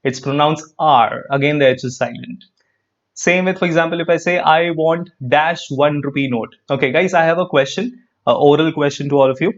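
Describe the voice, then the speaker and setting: A man's voice: a little high, muffled recording. A man teaching an English grammar class live online, repeating key phrases and asking students questions. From India.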